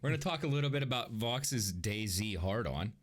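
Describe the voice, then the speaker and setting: A man's voice: on the low side, animated, moderate pace, crowd noise. A man co-hosting a casual livestreamed podcast from home, joking, swearing and laughing often as he rambles. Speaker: podcast co-host. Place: home room on webcam.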